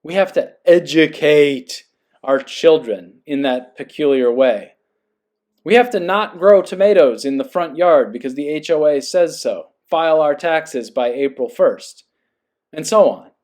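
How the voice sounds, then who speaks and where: A podcast host with a voice pitched a little high for a man. He reads a passage slowly and then reflects earnestly in a monologue, often pausing to check that the listener follows. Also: animated, a little mellow. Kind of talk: reading aloud and reflective monologue.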